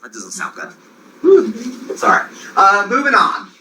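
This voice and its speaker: Male lecturer, Long Island accent, bouncy intonation, sharp bright tone, chatty tangents. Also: high-pitched, unhurried, a little hiss or hum, poor audio. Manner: animated, digressive, jokey asides. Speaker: university lecturer. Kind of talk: classroom lecture.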